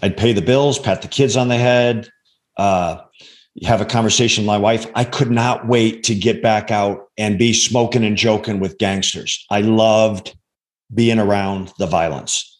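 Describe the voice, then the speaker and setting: Halting, earnest man in his sixties. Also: on the low side, fairly even intonation. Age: 60s. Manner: halting, earnest, restarts often. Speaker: interview guest, former undercover agent. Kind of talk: reflective personal storytelling.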